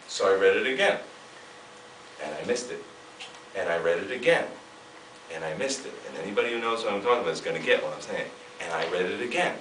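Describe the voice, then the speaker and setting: A man giving an emphatic motivational seminar talk, swinging from loud bursts to hushed asides, heard from a distance in a large hall. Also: sits low, fast talker, a little hiss or hum. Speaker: seminar speaker.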